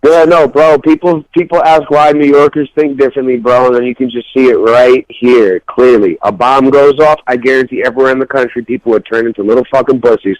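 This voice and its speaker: A man's voice: mid-range voice, fairly quick, hardly any pauses, darkish tone, no echo, highs cut off. A man from New York co-hosting a talk radio show, blunt, profane and opinionated in casual banter.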